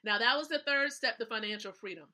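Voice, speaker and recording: A woman's voice: a little high, fast, pushed and bright. A woman hosting a live stream, giving a motivational business talk in an emphatic way, repeating her points and checking in with her listeners. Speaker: livestream host.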